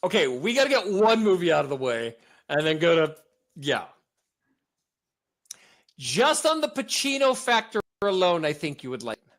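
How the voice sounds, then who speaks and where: Hoarse man, lively podcast banter. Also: high voice, moderate pace, long pauses. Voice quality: animated, joking. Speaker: podcast co-host. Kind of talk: casual chat.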